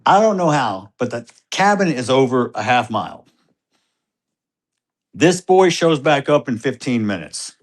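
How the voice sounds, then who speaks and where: A middle-aged father telling a personal story in an interview, animated, moving between hushed tones and loud excitement. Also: medium pitch, a little slow. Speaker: grieving father being interviewed.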